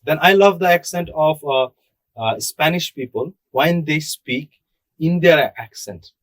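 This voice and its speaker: Pitched on the high side and speaking a little slowly, this young podcast co-host from Bangladesh talks casually with no room sound. He's emphatic, firing off rhetorical questions only to answer them.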